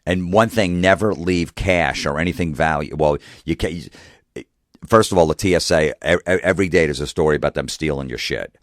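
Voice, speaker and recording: Very deep-voiced man ranting, exasperated. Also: no room sound, studio quality. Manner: exasperated, rapid rhetorical questions. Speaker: comedian. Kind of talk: profane ranting monologue.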